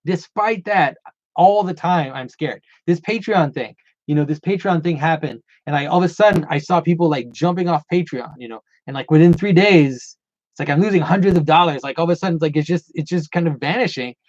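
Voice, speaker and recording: On a lo-fi recording with no echo, a channel host answers viewer questions in a casual livestream Q&A. His voice is a little high and fairly quick, and he rambles with repeated words and frequent restarts.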